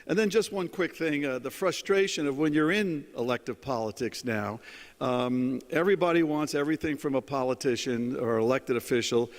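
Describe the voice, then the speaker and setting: A man's voice: mid-range voice, in a large hall. A middle-aged man giving a keynote, telling anecdotes with many ums and uhs. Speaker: keynote speaker. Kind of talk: after-dinner keynote with anecdotes. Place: conference hall.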